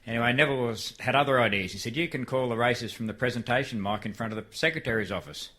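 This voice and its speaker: Older Aussie storyteller, bright-voiced, relaxed folksy delivery on stage. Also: male voice, mid-range voice, quick pace. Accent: Australian. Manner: folksy, shifts into a frantic shouted race call. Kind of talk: live storytelling to an audience. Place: live venue before an audience.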